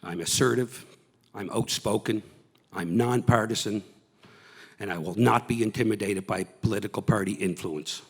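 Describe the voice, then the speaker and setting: A man from Cape Breton running for mayor talks in a folksy, halting way, with plenty of fillers. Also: lowish voice, husky. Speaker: mayoral candidate. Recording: long reverb in a convention hall.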